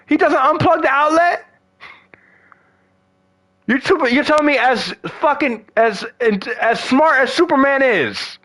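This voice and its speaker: High, bright-voiced man ranting profanely. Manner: profane, exasperated ranting with slangy asides. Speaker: gaming vlogger. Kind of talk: ranting casual monologue.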